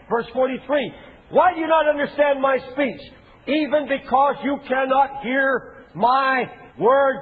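A male pastor with a very high-pitched voice preaches with impassioned, pleading intensity, now and then rising to a shout. The sound is thin and tinny, as if heard through a phone line. A long reverb trails after his words, as in a big church hall. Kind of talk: sermon. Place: church sanctuary.

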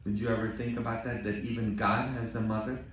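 A priest from Poland, preaching a sermon as a story and often turning to the congregation with a questioning "hmm?". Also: male voice, fairly low pitch, flat delivery, fairly quick, slight background noise. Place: large church. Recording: very echoey church from a distant mic.

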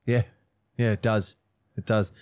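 A man co-hosting a comedy podcast, throwing in deadpan interjections and silly jokes. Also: fairly low pitch, measured pace, very noisy. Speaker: podcast co-host.

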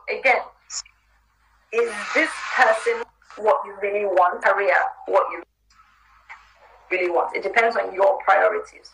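A woman's voice: mid-range voice, pushed and bright, a little hiss or hum. A woman with an American accent, the guest in a live chat interview, giving candid, chatty career advice. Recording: roomy live stream audio.

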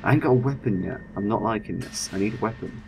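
A young man giving chatty, excitable let's-play commentary. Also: lowish voice, quick pace, soft background music. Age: young adult. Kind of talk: gameplay commentary. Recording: steady background noise.

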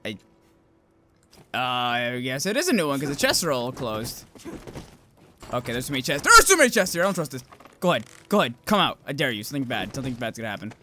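A young man commentating a video game with loud outbursts, heavy swearing and self-mocking asides. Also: mid-range voice, very animated, quick pace, pauses often, slight background noise. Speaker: gameplay commentator. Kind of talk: swearing, excitable let's-play commentary.

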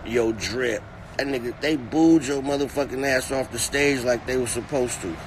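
A man's voice: medium pitch, moderate pace, background noise. Man ranting mockingly in a car. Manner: mocking, animated, repetitive. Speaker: comedic commentator. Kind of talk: profane comedic rant.

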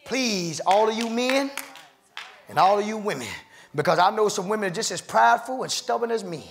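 A man preaching in a church with a high, gravelly voice. He preaches with fervent rhythm, laughs between phrases and climbs into shouts. His sermon rolls along with repeated refrains. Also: expressive, brisk, slight background noise. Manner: fervent call-and-response preaching, breaks into laughs, swells to shouts. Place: church sanctuary.

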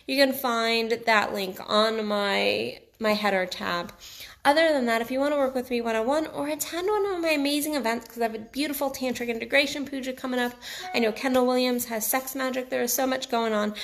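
A woman's voice: on the high side, vocal fry. A woman coach with a mixed New York and Texas accent, giving a blunt, casual motivational talk straight to her viewers. She swears freely and repeats lines for emphasis. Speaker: sex and relationship coach. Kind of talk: motivational direct-to-camera talk.

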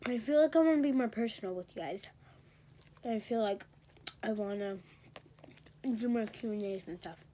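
A woman's voice: mid-range voice, moderate pace, pauses often, dark tone, slight background noise. A teenage girl rambling and gossiping in a casual vlog, a bit congested and talking while she eats in bed. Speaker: vlogger.

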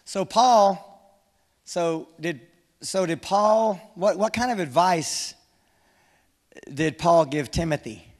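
A man preaches with a strikingly high voice, mixing jokes with firm urging. His sermon rings through a large hall with a long reverb tail. He sounds animated and direct. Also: takes it slowly, long pauses. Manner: animated, humorous, exhorting. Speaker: pastor.

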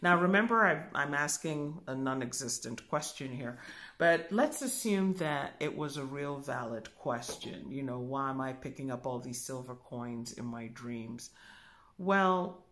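A woman spiritual teacher giving a calm demonstration, musing aloud and humming softly as she thinks. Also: extremely low pitch. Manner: slow, musing, thinks aloud with soft hums.

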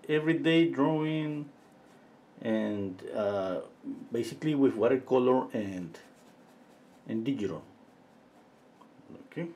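A middle-aged man with a mellow, warm voice leads a live painting lesson. He talks through each step as he paints, pausing often and trailing off into fillers. Faint noise sits behind him. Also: mid-range voice, highs cut off. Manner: relaxed, thinking aloud while he paints, with frequent pauses and fillers; chats with viewers between steps. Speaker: painting instructor.

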